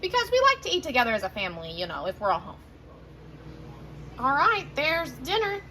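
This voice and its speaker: Chatty bright-voiced woman cooking at home. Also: high-pitched, huge pitch swings, fairly quick, slight background noise. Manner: chatty, rambling, self-correcting. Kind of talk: casual chat while cooking. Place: home kitchen. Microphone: handheld phone camera.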